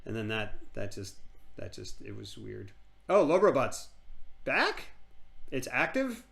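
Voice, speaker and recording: A man's voice: medium pitch, big pitch swings, unhurried, vocal fry, a bit bright. A man streaming live, telling a rambling comic story in casual chat.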